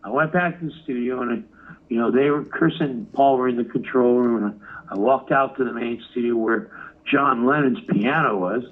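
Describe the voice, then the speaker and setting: A man's voice: medium pitch, normal speed. A man interviewed as a rock musician, telling stories with lots of swearing and acting out the other people in them. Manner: swears freely, acts out quotes. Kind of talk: animated storytelling interview. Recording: phone-like narrow audio.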